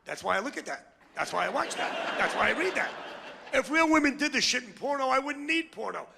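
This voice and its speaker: A man's voice: extremely high pitch, very animated, brisk, gravelly, background noise. A brash, crude male stand-up comedian doing a routine with crowd work on a comedy club stage. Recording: long hall reverb.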